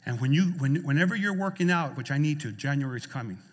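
A man's voice: a little high, expressive, quick pace, slightly rough. Impassioned preacher man in a reverberant hall. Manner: impassioned preaching, repeats phrases, swings loud and soft. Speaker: pastor. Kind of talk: sermon. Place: church sanctuary.

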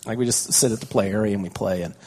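A man's voice: lowish voice, racing, darkish tone, husky. A man, a pastor, preaching a conversational sermon with stories about his young children, often asking the congregation questions.

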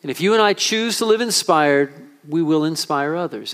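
A pastor preaching an impassioned sermon to his congregation, swinging between urgent calls and quiet, earnest passages. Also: a little high, expressive, normal speed. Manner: impassioned preaching with rising and falling intensity.

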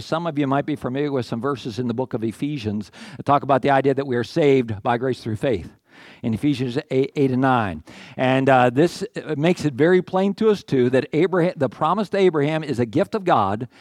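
A pastor giving a sermon in a conversational way, with asides, restarts and questions to the congregation. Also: male voice, fairly high pitch, no room sound, clean studio sound.

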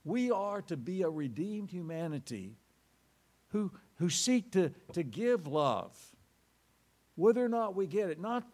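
A pastor preaches with sweeping rises and drops in his slightly high voice. He tells stories dramatically and leans hard on key phrases. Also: sing-song, a little slow, darkish tone. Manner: dramatic storytelling with sweeping pitch swings. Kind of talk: sermon.

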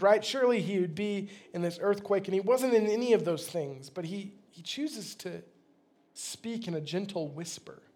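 A man's voice: sits high, darkish tone. A man, a pastor, delivering a sermon in a conversational, plain-spoken way.

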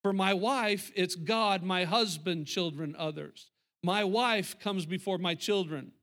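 A man's voice: high-pitched, measured pace, a bit bright. A middle-aged male pastor preaching a sermon, emphatic and repetitive, talking straight to the congregation.

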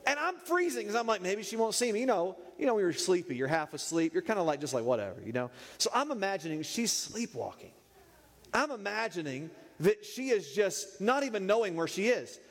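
A man preaching, telling a funny story in an animated, playful way. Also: high voice, a little fast. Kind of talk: humorous sermon storytelling. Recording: echoey hall reverb.

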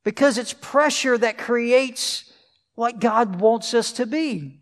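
Man preaching, keeps checking in with the crowd, high-ish voice. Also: takes it slowly, long reverb tail. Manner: preaching with rhetorical questions to the congregation. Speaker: pastor. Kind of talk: sermon.

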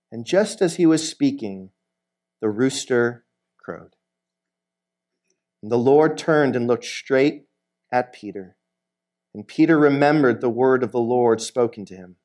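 A guest preacher with a mid-range, darkish voice speaks at a moderate pace, pausing often. His sermon is conversational: he reads a scripture passage, retells its scenes while voicing the characters, and asks the listeners questions.

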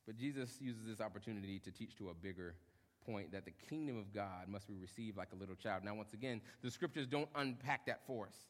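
A young adult male pastor preaching a sermon, lively, acting out short quotes and joking with the congregation. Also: fairly low pitch, fairly quick. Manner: animated, acts out short quotes, jokes with congregation. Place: church hall. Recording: long hall reverb.

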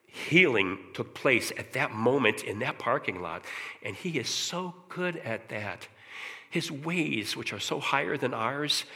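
A man giving an emotional personal recovery testimony, earnest and halting, repeating words when moved. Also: mid-range voice, sharp tone, long reverb tail.

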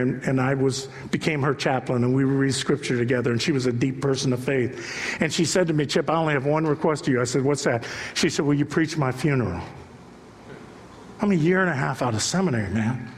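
Animated male pastor in a reverberant hall. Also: a little high. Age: middle-aged. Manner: storytelling, rises to loud animated peaks. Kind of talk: sermon. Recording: long reverb of a large hall.

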